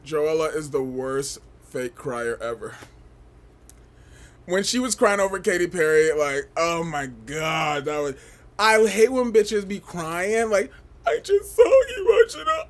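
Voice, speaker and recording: A young man with a high voice that swoops all over, chatting casually on a livestream. He gossips and reacts to the chat with loud shrieks and laughter. His talk is animated and unfiltered. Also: a little slow. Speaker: livestream host.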